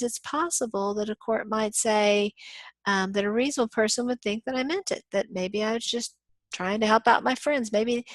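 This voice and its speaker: A woman's voice: mid-range voice, no echo. Dry-voiced woman lecturing on business law. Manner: explains with acted-out scenarios and frequent "um"s. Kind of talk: recorded lecture.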